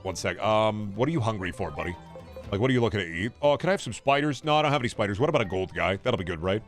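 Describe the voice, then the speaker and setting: A man's voice: lowish voice, lively intonation, racing, faint music behind. A man streaming a video game, chatting casually, joking and rambling with bursts of profanity. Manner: joking, rambling, profane, drops into silly voices. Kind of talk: casual gaming stream chat.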